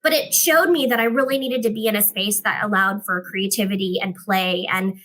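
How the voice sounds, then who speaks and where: A woman guest on a podcast telling an animated story and acting out the dialogue in it. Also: medium pitch, fairly quick. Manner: expressive, acts out dialogue in her stories.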